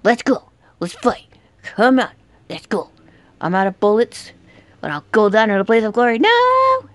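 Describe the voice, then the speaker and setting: A young woman commenting on a horror game she is playing, dramatic, shouting and taunting the villain as she goes. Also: medium pitch, normal speed. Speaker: gaming youtuber. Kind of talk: excited let's-play commentary.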